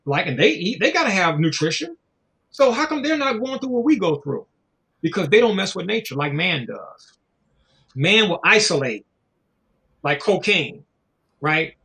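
A man's voice: sits high, sing-song, moderate pace, pauses often, bright, forceful tone. A man in casual conversation, talking in a loose, profane, preachy way and acting out little voices as he goes. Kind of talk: casual chat.

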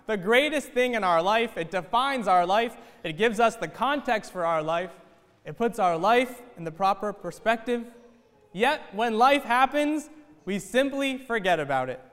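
A man's voice: sits high, a bit bright, clear, resonant tone. A man preaching an earnest sermon in a church as its priest, telling a story and repeating his point. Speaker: Orthodox priest. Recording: echoey church hall.

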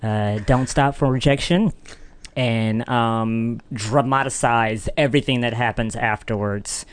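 Slow and clear, with a resonant medium-pitched tone, a podcast producer recounts a story in casual conversation. He is animated and performs the different voices in his tale.

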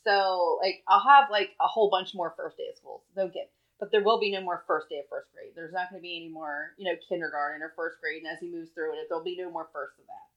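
A woman's voice: on the low side, fairly even intonation, fast talker, hardly any pauses. A woman in her thirties co-hosting a casual chat podcast, talking in a chatty way, laughing often and swearing casually. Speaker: podcast co-host. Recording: dull lo-fi sound.

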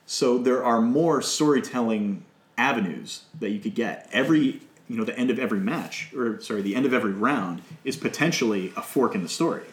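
A man's voice: mid-range voice, a little fast, roomy sound. A man hosting a casual podcast, laughing often and explaining wrestling rules. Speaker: podcast host.

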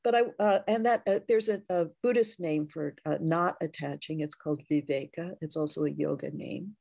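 A woman Zen teacher giving a dharma talk, speaking in a slow, reflective way with frequent pauses. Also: sits low, vocal fry, darkish tone, dry recording.

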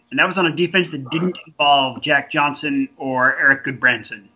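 A man's voice: medium pitch, moderate pace, pushed and bright. A man co-hosting a casual sports podcast, sarcastic and profane in his banter. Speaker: podcast co-host. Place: in Canada. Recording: dull lo-fi audio.

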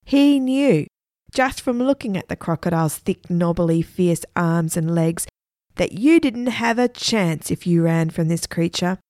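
A woman's voice: on the low side, expressive, measured pace, darkish tone, no room sound, clean studio sound. Woman reading a children's story aloud. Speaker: narrator.

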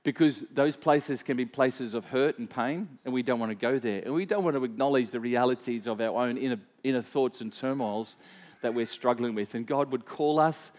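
Preaching at a moderate pace, a man of medium pitch and slightly mellow tone talks to his congregation like a pastor in conversation. He tells stories from his own life, poses questions to the listeners, and often repeats himself or uses fillers.

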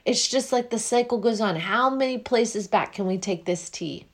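Bubbly woman giving a spiritual talk. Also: fairly high pitch. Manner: effusive, halting, with many restarts and fillers. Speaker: spiritual speaker. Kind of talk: spiritual monologue.

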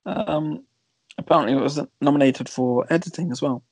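A man co-hosting a podcast, chatting about films in a relaxed, hesitant way with plenty of fillers. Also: fairly high pitch, moderate pace, slightly rough, dry recording, poor audio. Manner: laid-back, hesitant, laughs often. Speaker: podcast co-host. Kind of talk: casual film chat.

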